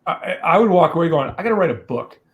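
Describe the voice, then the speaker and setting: A man's voice: fairly high pitch, expressive, very fast, narrow, tinny audio, a little hiss or hum. A man co-hosting a podcast, earnest and encouraging in casual chat. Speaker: podcast co-host.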